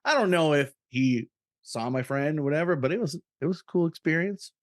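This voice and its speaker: A man's voice: fairly high pitch, lively intonation, a little fast, no room sound, clean studio sound. Profane man in a loose podcast chat. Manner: loose and profane, explains things for a co-host. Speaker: podcast co-host. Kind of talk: casual chat.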